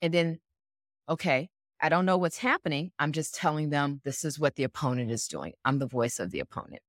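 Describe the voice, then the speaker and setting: Low-voiced woman coaching mental skills. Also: brisk, no echo, studio quality. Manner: animated, plays out scenarios step by step. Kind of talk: explanatory interview answers.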